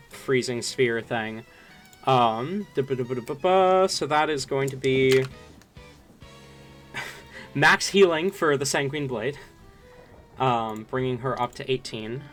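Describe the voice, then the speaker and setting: A man runs a tabletop game as game master, narrating at an unhurried pace. He fills his sentences with ums and uhs, and soft music plays faintly behind him. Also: medium pitch.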